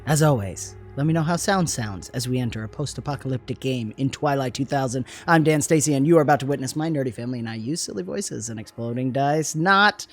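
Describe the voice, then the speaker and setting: A man hosting a tabletop game livestream from a studio, upbeat and laughing often between quick asides. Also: medium pitch. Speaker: host. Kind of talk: livestream game intro chat. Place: gaming studio.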